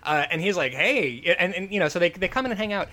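A man's voice: sits high, racing. A man in casual, profane movie chat, telling stories with lots of energy and laughter. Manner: animated, profane, laughing storyteller. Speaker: podcast co-host.

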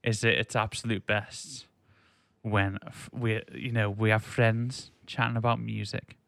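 A man's voice: on the low side, little pitch movement, measured pace, creaky, fairly bright tone, no echo. A young man hosting a podcast in casual chat, joking around and laughing often. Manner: jokey, chatty, laughs often. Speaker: podcast host.

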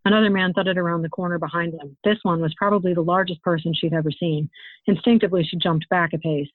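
A woman author reading her own fantasy novel aloud in a steady, expressive storytelling manner. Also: fairly low pitch, quick pace, no echo. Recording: tinny phone-like, dry sound.

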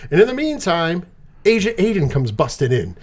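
A podcast co-host, a man, recaps a movie plot in casual chat. His voice sits high and swoops all over the place. He tells it with animated energy and drops swear words freely. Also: normal speed.

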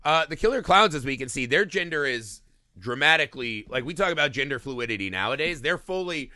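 A man with a bright, sharp voice that swings up and down as he jokes through a crude movie breakdown. He sounds a little high for a man, with a dry, close sound and no room echo. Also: fairly quick. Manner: animated, profane, joking, acts out lines. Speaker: podcast co-host. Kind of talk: crude comedic movie discussion.

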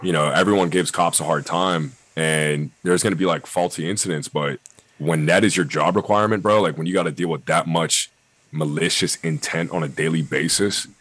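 A man's voice: rumbling low, fairly even intonation, normal speed, a bit bright, no echo. A young American man chatting casually on a podcast, blunt and profane, full of fillers. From United States. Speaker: podcast guest.

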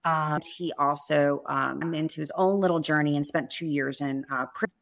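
A woman's voice: sits low, steady tone, normal speed, gravelly. A woman talking as a guest on an interview show, telling a story in a chatty way full of "like" fillers.

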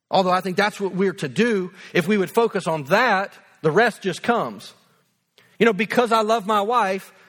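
A man's voice: high voice, fairly bright tone. A man in his thirties preaching a sermon as pastor, earnest and conversational, repeating phrases for emphasis.

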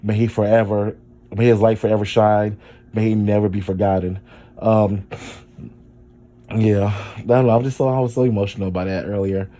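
A man's voice: on the low side, steady tone, moderate pace, mellow. A young man hosting a casual solo podcast, chatty and rambling, with lots of fillers as he talks through his feelings. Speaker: podcast host.

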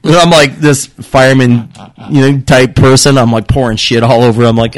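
A middle-aged father on a casual podcast, telling stories animatedly, swearing and loudly acting out what people said. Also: mid-range voice, moderate pace. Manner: animated, swearing storyteller who acts out quotes loudly. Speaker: guest father. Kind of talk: casual storytelling chat.

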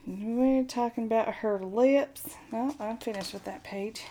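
A woman in her thirties with a fairly high voice makes sarcastic, profane remarks in loose conversation. Her talk is blunt and she swears freely. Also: unhurried, warm tone, slight background noise. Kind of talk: casual crude chat.

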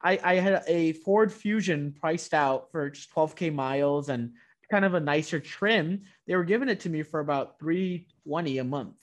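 A man chatting casually, telling a long story with many restarts and quoting salespeople in a flat voice. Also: a little high, normal speed. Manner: rambling, many restarts, quotes dealers in a flat voice. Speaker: guest telling a car story. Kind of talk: casual chat.

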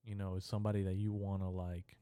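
A man's voice: deep voice, little pitch movement, fast, warm tone, clear, resonant tone, no echo. A young adult man hosting a podcast, delivering a rambling, profane, stream-of-consciousness comedy monologue. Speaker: podcast host.

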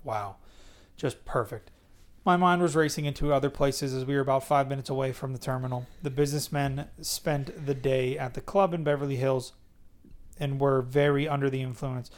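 A man's voice: mid-range voice, fairly even intonation, moderate pace. A man hosting a podcast, reading a memoir aloud in a casual way and stopping to joke about it. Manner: reads plainly, breaks off to joke. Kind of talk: casual read-aloud with banter.

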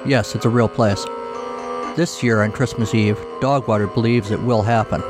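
A man narrating a scripted story as a podcast host, in a wry, measured manner. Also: on the low side, steady tone, music in the background.

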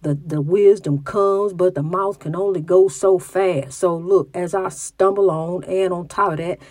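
A woman's voice: lowish voice, steady tone, unhurried, a little mellow, dry recording. A middle-aged woman with a country way of talking and a slight stutter, giving a preachy religious testimony and often restarting her words. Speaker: mother.

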